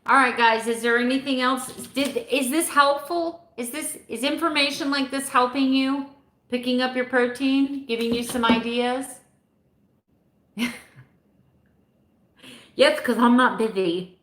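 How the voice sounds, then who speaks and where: A woman's voice: sits high, steady tone, measured pace, a bit bright. A woman in her fifties chatting casually with her live viewers, rambling a little and laughing often. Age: 50s. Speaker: vlogger answering live chat. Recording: echoey room.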